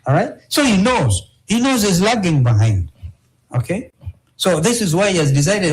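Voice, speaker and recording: A man's voice: high-pitched, very animated, moderate pace, poor audio. A man with a Kenyan accent, an opposition politician answering interview questions emphatically, repeating key phrases and checking in with "all right?".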